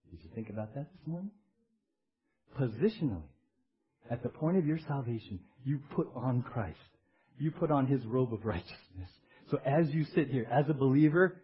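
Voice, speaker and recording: High, lively male pastor preaching. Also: moderate pace, slightly rough, highs cut off. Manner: animated, emphatic, calls out to the congregation. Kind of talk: sermon.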